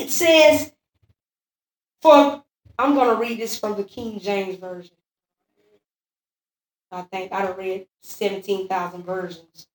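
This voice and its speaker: A woman preaching a sermon, telling her own testimony and repeating phrases in a building call-and-response rhythm. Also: a little high. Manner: testimony-driven, repetitive call-and-response cadence. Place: church sanctuary. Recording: echoey church room, far from mic.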